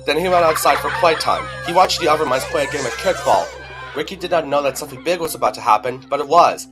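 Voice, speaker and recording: A man narrating a children's storybook in a lively, expressive read-aloud. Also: fairly high pitch, fast talker. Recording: music underneath.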